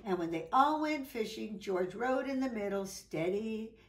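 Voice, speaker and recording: A woman reads a children's picture book aloud, slow and sing-song, with bursts of exclamation. Her voice sits a little high. The room around her sounds echoey. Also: animated. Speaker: children's story reader.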